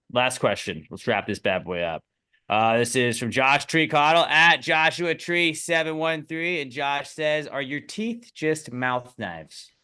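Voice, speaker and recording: A man hosts a podcast in loose, rambling banter full of deadpan jokes. His voice is bright and carries well. His pitch stays in the middle. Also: clean tone. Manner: joking, rambling, deadpan asides. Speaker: podcast host.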